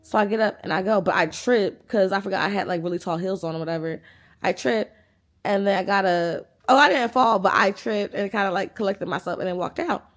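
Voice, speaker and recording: Animated young woman telling a story. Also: medium pitch, brisk. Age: 20s. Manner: animated, profane, retelling dialogue in quoted voices. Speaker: vlogger. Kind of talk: casual storytime chat.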